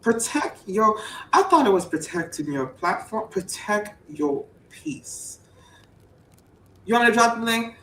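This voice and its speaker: A woman giving a playful sermon-style riff on a voice call, preachy and repetitive, bursting into high whoops. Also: sing-song, slow. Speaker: show participant preaching to the group. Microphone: voice chat mic. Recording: roomy, distant voice chat audio, faint hum.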